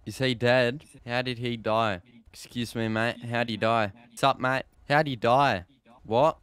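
A man's voice: mid-range voice, fairly even intonation, unhurried, a bit bright, clean tone, dry recording. A man with an Australian accent taunting other players over in-game voice chat, repeating "mate" as he goads them. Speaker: streamer provoking other players.

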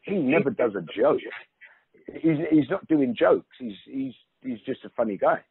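This middle-aged interview guest has a medium-pitched, gravelly, slightly rough voice with lively intonation, talking at normal speed. The line sounds narrow and phone-like, with no room sound, and he chats emphatically, often restarting sentences and leaning on "you know."

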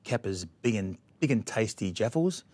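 A man's voice: lowish voice, animated, normal speed, darkish tone, no echo. A middle-aged Australian man, a guest, telling brash and bawdy anecdotes in chat. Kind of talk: storytelling chat.

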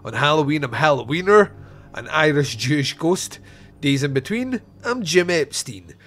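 A man's voice: fairly high pitch, sing-song, moderate pace, a bit bright. A man voicing a grumpy, cynical, foul-mouthed Santa who talks in a sarcastic, mocking way. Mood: sardonic.

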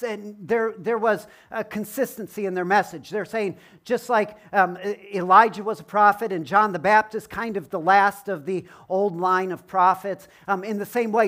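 High-voiced male pastor preaching casually. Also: normal speed, a bit bright. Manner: informal and explanatory, with frequent ums and self-deprecating asides. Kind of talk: conversational sermon.

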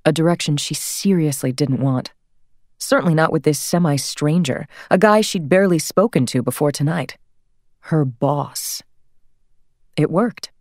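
A woman narrating an audiobook in a measured, expressive reading. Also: sits low, no echo, studio quality. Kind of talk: scripted narration.

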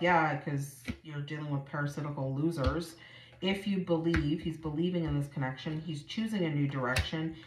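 Low-pitched woman reading cards casually and bluntly, recorded in an echoey room. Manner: blunt, chatty, swears freely. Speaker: tarot reader. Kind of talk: casual tarot reading to camera. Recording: echoey room with faint noise.

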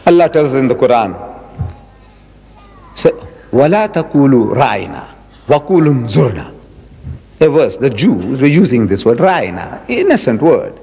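A man in his seventies giving a religious lecture, emphatic and repeating his key words, drawing out quotations slowly. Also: fairly high pitch, in a large hall, poor audio. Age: 70s. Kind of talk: public lecture.

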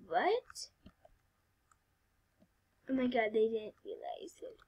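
A young woman playing a video game, excitable, swinging between hushed whispers and loud squeals. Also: fairly high pitch, husky. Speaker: gamer. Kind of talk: casual gameplay commentary.

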